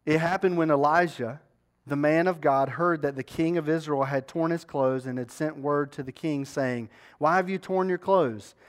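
A man's voice: fairly high pitch, steady tone, moderate pace. A man preaching a sermon, retelling a scripture story and often turning to the congregation with rhetorical questions.

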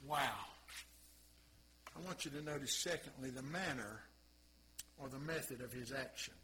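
Male pastor, impassioned sermon delivery, very bright, sharp tone. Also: medium pitch, moderate pace, slight background noise, rough recording. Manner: impassioned, swings from soft asides to loud exclamations.

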